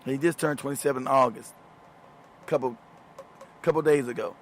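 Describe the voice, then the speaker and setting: A man's voice: medium pitch, moderate pace, slight background noise. A middle-aged man hosting a talk show, telling a story casually, often laughing, swearing and repeating words. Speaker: show host.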